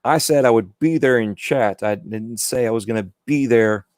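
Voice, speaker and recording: A man in casual podcast chat who rambles, restarts and leans on "you know." His pitch sits in the middle. The sound is dry and close. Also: normal speed, a little mellow, no echo. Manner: rambling, repeats words, lots of "you know". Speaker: podcast guest.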